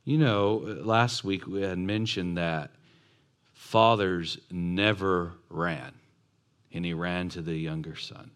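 A man's voice: low-pitched, fairly even intonation, slow, fairly bright tone, clear, resonant tone. A man preaching a sermon who acts out the voices and asks his congregation questions. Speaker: pastor.

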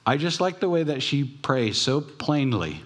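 A pastor giving a conversational sermon, telling stories with pauses and restarts. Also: male voice, mid-range voice, big pitch swings, fairly bright tone.

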